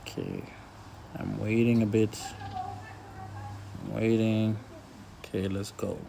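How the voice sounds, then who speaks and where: A man's voice: fairly low pitch, takes it slowly, gravelly, noisy background. A laid-back man casually commenting on his forex trades while sharing his screen, talking half to himself as he watches the charts.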